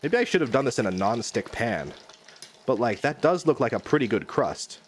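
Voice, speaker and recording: A man's voice: mid-range voice, very animated, moderate pace, slight background noise. A man streaming live from his home kitchen, rambling and joking at his own expense while he cooks and talks to chat.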